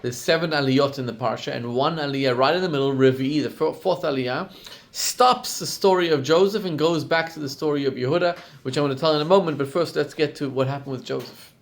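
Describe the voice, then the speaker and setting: Animated rabbi telling a story. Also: male voice, fairly quick, few pauses. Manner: animated storyteller, acts out quotes with rising pitch and volume. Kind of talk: storytelling sermon class.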